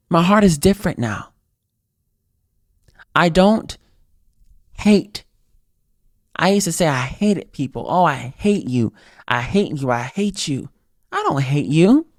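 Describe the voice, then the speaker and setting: A man hosting his own podcast, giving an earnest, reflective solo motivational talk with lively pitch swings. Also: no echo, clean studio sound. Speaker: podcast host.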